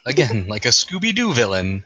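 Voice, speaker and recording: A man narrating a tabletop game as game master, in drawn-out, halting narration with fillers. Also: medium pitch, big pitch swings, bright, forceful tone, breathy edge, dry recording, highs cut off.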